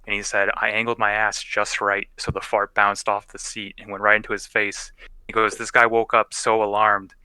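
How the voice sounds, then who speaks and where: A man's voice: on the low side, monotone, moderate pace, bright, forceful tone, clear, resonant tone, dry recording, low-quality recording. A young man casually narrating as game master of a tabletop game, loose and profane, often laughing.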